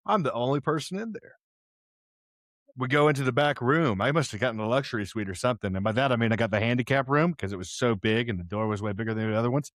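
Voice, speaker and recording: A young Houston man hosting a podcast tells a casual, rambling story packed with slang, speaking quickly in a mid-range voice. Headphones on and partly deaf in one ear, he's close-miked in a dry, clean studio recording.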